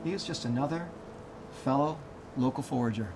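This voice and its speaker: Calm man speaking softly outdoors. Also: normal speed, music in the background. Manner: calm, low-key, steady. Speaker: outdoor show host. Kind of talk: calm narration to camera. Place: outdoors by a fishing lodge. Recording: noisy outdoor recording.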